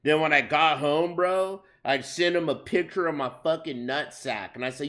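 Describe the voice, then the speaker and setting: A man's voice: a little high, normal speed, hardly any pauses, fairly bright tone. A young man doing casual reaction commentary on a stream, crude and profane as he rambles through stories.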